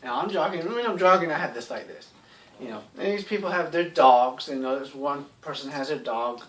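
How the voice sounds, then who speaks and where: A man talks in a loose, rambling monologue, blunt and sarcastic, leaning on fillers as he goes. His voice sits on the higher side for a man. He sounds set back a little from the microphone. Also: brisk, a bit bright, recorded from a distance. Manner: rambling, heavy on "you know" fillers. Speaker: YouTube commentator.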